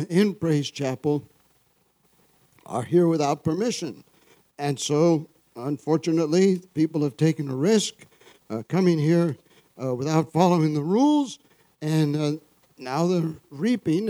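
A man's voice: a little high, unhurried, dark tone, no echo. Dry-toned man preaching a sermon. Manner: call-and-response, frequent "Amen?" and chuckles. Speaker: pastor.

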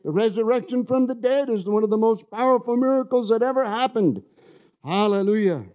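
A man's voice: very high voice, fairly quick, darkish tone. A man from New York City preaching a conversational sermon, often asking the congregation for an amen.

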